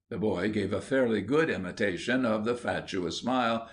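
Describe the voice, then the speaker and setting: A man's voice: fairly low pitch, normal speed, few pauses. Man narrating a children's storybook. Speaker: audiobook narrator.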